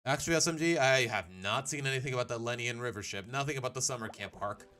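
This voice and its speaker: A man's voice: medium pitch, fast, pushed and bright. A young man casually commenting while playing a game on a live stream, chatty and self-mocking.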